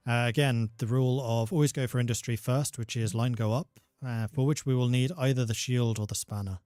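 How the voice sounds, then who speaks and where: Male game dev, livestream explainer, steady and plain-voiced. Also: medium pitch, a little fast, smooth, no echo, studio quality. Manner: patient, step-by-step explanations. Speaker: game developer.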